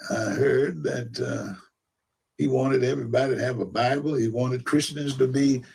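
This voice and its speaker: A man's voice: mid-range voice, steady tone, normal speed, a little mellow. A man preaching in a played clip, rambling along with big, showy words. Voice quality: gravelly, raspy. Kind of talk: preaching commentary.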